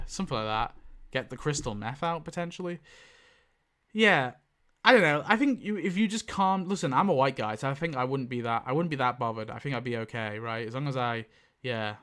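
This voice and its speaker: A man in casual commentary who rambles and keeps correcting himself mid-sentence. His voice sits at an average pitch but leaps up sharply when he stresses a point. He swears freely and talks in loose, off-the-cuff bursts. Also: a little fast, clear, resonant tone. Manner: animated pitch jumps for emphasis. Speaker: YouTube tier-list ranker.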